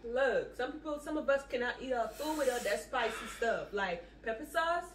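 A woman's voice: on the high side, expressive, moderate pace, slight background noise. A young woman with a Caribbean English accent, teasing and giggly in a casual couple vlog at home. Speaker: vlogger. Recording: roomy, mic at a distance.

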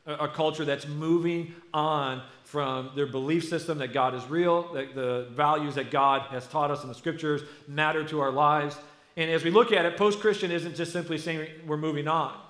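Middle-aged American male pastor, animated and conversational sermon delivery, slightly high voice, roomy church echo. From United States. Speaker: lead pastor. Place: church sanctuary. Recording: echoey church hall.

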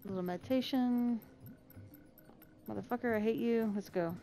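A young woman commentating her gameplay, getting frustrated, swearing and yelling as she plays. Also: normal speed, soft background music. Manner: frustrated, swearing, pitch jumping into yells. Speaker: gaming video creator.

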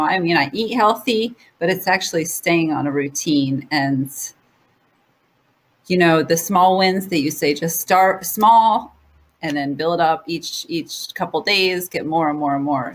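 A woman hosting a casual interview, who talks in a halting way and often says "you know". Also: on the low side. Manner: hesitant, with many "you know"s and restarts. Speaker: talk show host.

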